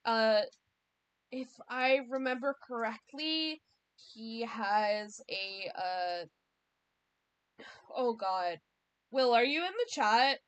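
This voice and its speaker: A woman from the United States talks casually to her stream in a fairly high voice. She takes her time and thinks aloud, looping back to rephrase her points as she goes. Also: takes it slowly, pauses often, fairly bright tone, smooth. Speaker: streamer and series creator. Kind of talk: casual livestream chat.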